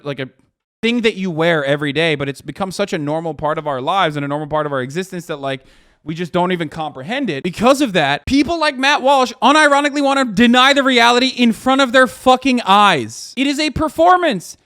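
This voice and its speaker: A man's voice: extremely high pitch, fairly bright tone, no room sound, studio quality. A man streamer from the United States, giving a profane, emphatic reaction commentary. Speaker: streamer host.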